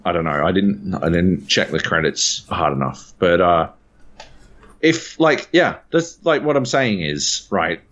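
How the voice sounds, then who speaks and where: Low-voiced man ranting profanely. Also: expressive, a little slow, a bit bright, dull audio. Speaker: podcast co-host, game critic. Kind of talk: casual podcast chat.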